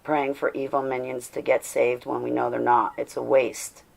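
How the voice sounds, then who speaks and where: A worn-out woman hosts a casual livestream, laughing often while she preaches to viewers and reads their chat aloud. Her pitch is extremely low, with a level tone, moderate pace, and vocal fry.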